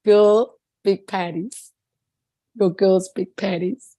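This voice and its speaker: Animated chatty woman, lots of restarts. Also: medium pitch, unhurried, dry recording. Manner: animated, laughing, with many restarts. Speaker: group participant. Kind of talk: casual chat.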